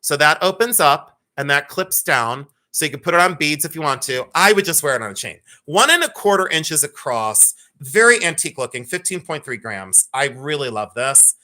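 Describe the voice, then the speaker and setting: A man's voice: on the high side, expressive, normal speed, hardly any pauses, sharp tone. A man in his fifties hosting a live jewelry sale, chatting and telling rambling stories to his viewers. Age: 50s. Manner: chatty, rambling storyteller addressing viewers by name. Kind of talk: casual live-stream chat and storytelling.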